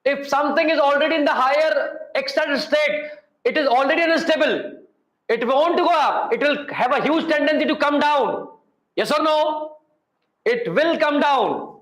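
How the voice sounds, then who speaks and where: A man with an Indian English accent teaching a chemistry class, energetic and repetitive, coaxing his students to answer. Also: very high-pitched, normal speed, reverberant, low-quality recording. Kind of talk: classroom lecture.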